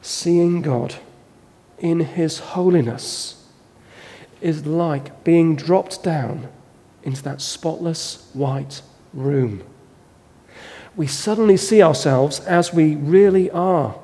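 Slow, dramatic preacher man in a hall. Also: a little high, warm tone. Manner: slow, dramatic storytelling delivery. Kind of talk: sermon. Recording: long reverb of a large hall.

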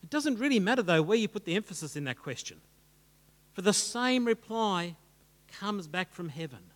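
High-voiced preacher in an echoing hall. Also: male voice, expressive, moderate pace, fairly bright tone. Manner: dramatic, rhetorical, building lists. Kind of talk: sermon.

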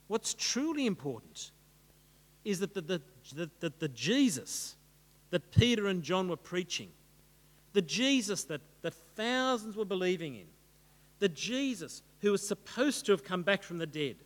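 A man preaching with a high voice and a slow, deliberate delivery. He builds one rhetorical phrase on the next. A long reverb trails after every line, as in a large hall. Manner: dramatic, rhetorical, building lists. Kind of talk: sermon.

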